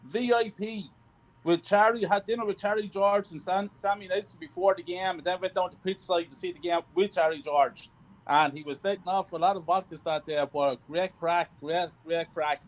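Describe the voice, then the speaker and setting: Football fan man, high voice, halting fond storyteller. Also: steady tone, rough recording. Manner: earnest recollection with ums and restarts. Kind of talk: casual chat.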